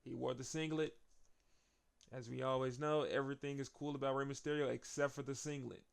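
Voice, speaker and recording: A man's voice: medium pitch, fairly even intonation, fairly quick, vocal fry, clear, resonant tone. A man casually recapping a wrestling show as host, chatty, laughing often.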